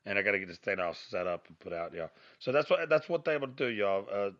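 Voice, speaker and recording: A man with a raspy voice and a slight twang, hosting a podcast as a rambling, profane, self-mocking solo rant recorded on his phone. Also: on the low side, quick pace, fairly bright tone, lo-fi sound. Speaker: podcast host.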